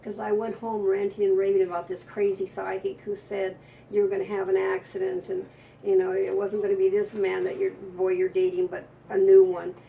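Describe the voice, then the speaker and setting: Gravelly-voiced woman telling a story. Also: medium pitch, little pitch movement, brisk, distant mic, muffled recording, slight background noise. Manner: emotional, rambling, frequent restarts. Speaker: psychic. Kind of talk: conversational storytelling interview.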